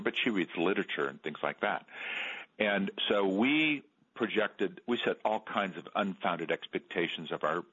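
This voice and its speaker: Middle-aged guy on a radio interview, husky, keeps restarting his words, kinda muffled lo-fi sound. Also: sits low, bright, forceful tone. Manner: halting, repeats words, earnest storytelling. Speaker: author guest.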